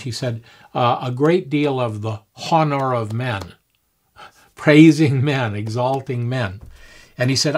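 An older man telling a story in an unhurried fireside manner, with frequent pauses and fillers. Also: medium pitch.

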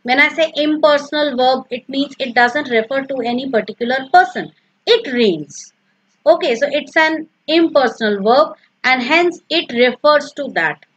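A woman's voice: sits high, lively intonation, normal speed, highs cut off. A woman teaching a recorded grammar lesson, patiently repeating each example and explaining step by step.

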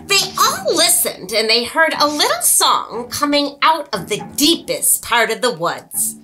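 A woman hosting a children's storytime, reading a picture book aloud and explaining words along the way. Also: high-pitched. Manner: slow, lively and expressive, explains words. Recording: music playing behind.

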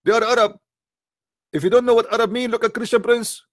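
A man's voice: fairly even intonation, fairly quick. A man voicing a whiny, exasperated grown man who pleads and complains in a mocking tone. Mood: mocking whine. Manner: mocking, high-pitched whine.

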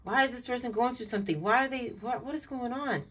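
A woman's voice: on the high side, fast talker, fairly bright tone, breathy edge. A woman giving an online tarot reading in a blunt, profane, exasperated way, often calling the listener "child". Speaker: tarot reader. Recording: distant mic, faint noise and clicks.

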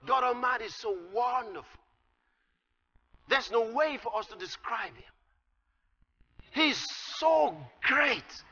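A man preaching a sermon, explaining scripture with emphatic delivery that rises to shouts. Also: very high-pitched, measured pace, pauses often. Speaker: pastor. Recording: lo-fi recording with long hall reverb.

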